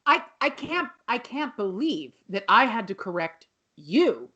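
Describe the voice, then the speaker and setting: A woman co-hosts a casual podcast, retelling a sitcom episode and voicing its characters as she goes. Her voice sits fairly high and swings widely in pitch, and she drops the odd curse word. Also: unhurried, husky, highs cut off. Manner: animated, swears, acts out characters' lines. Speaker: podcast co-host. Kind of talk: casual recap chat.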